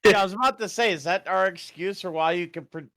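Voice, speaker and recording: A man playing in a tabletop game, chatting casually, swearing freely and thinking out loud. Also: sits high, fast talker, background noise. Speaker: player.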